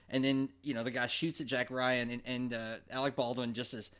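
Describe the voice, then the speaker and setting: Bright-voiced enthusiastic podcast co-host, a man. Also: mid-range voice, fairly even intonation, normal speed, clean tone. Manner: enthusiastic, repeats words while thinking. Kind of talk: casual movie chat.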